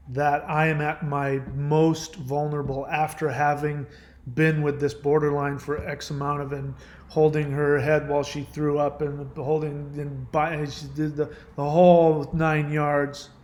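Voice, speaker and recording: A man with a slightly high voice recounts a painful personal experience. He speaks earnestly and haltingly, circling back and restarting his sentences as he goes. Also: level tone, darkish tone. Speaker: caller sharing a personal story. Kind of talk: emotional personal account.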